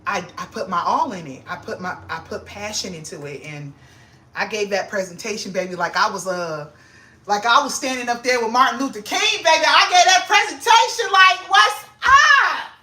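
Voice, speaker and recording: Bright-voiced young woman, excitable and slangy. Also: normal speed, slight background noise. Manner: excitable, slangy, grows loud and high when hyped. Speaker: vlogger. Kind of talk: casual chat to camera.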